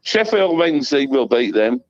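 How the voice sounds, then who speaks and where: A man calling into a football phone-in, excitable and swearing. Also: mid-range voice, normal speed, dull audio. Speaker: caller. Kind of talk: phone-in chat.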